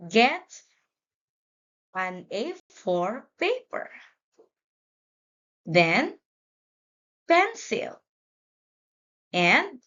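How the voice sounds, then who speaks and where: A woman teacher giving a children's English lesson, prompting read-alongs in a slow, deliberate way. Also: mid-range voice, a bit bright, highs cut off.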